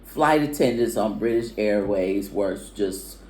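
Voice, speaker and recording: A woman's voice: a bass voice, measured pace, dark tone, a little hiss or hum. A woman co-hosting a vlog, telling travel stories in a chatty, rambling way with many fillers. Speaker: vlog co-host. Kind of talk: casual chat. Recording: echoey room.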